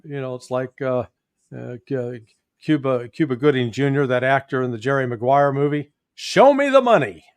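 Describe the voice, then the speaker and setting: A man's voice: mid-range voice, moderate pace, clean tone, no echo. Folksy Midwestern man, dry sound. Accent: Midwestern American. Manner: folksy, animated, chuckles often. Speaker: guest, former intelligence analyst. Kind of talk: political commentary interview.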